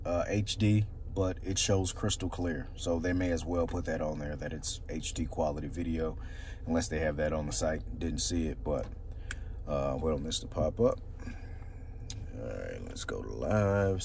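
A man's voice: low voice, darkish tone, slight background noise. A man casually demonstrating a car stereo from inside his car, rambling and hesitant with many fillers. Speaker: car audio reviewer.

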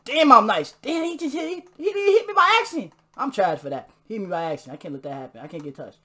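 A man giving excitable live gameplay commentary, trash-talking and bursting into shouts during fights. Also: high voice, fast. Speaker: gamer. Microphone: new desk mic.

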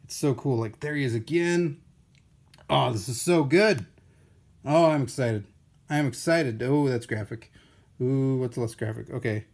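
A man hosting a casual live-stream unboxing, excitable and playful, gushing over his finds and joking with viewers. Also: medium pitch, unhurried, long pauses. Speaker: unboxing video host.

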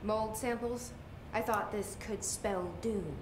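A woman plays a dry, wry young agent who keeps her delivery deadpan and understated. Her pitch is middling for a woman. The game audio is buried under loud noise. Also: takes it slowly, close to an everyday voice.

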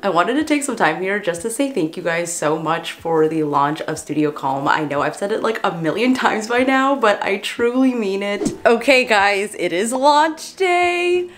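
A woman's voice: on the low side, moderate pace, few pauses, soft background music. A young woman narrating her home makeover vlog in a chatty, upbeat, thankful way. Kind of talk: casual voice-over narration.

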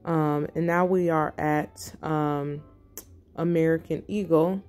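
A middle-aged woman narrating her fashion haul in a quiet, breathy, relaxed ASMR-style voice-over. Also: low-pitched, slow pace, soft background music. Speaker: fashion vlogger.

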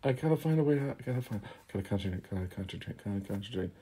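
A man's voice: high voice, fast, warm tone, pitched above the performer's own voice. A man doing an anxious young woman muttering. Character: flustered young woman escape-room expert.

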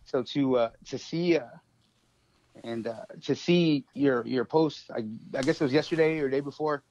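A man sharing a personal struggle in a halting, emotional way, full of fillers, on a phone. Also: medium pitch, darkish tone, no room sound. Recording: dull dry phone audio.

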